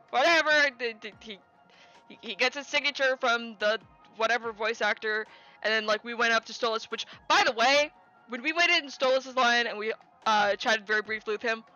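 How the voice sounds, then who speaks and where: A young woman streamer chatting casually, telling a story with lots of fillers, restarts and excited quoted lines. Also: a little high, lo-fi sound. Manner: animated, rambling with many fillers and restarts, quoting people in raised voice.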